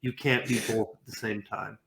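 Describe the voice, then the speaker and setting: A young man co-hosting a casual podcast panel, ranting in an animated way, swearing and mock-quoting the people he argues against. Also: on the low side, moderate pace, gravelly. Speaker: podcast co-host.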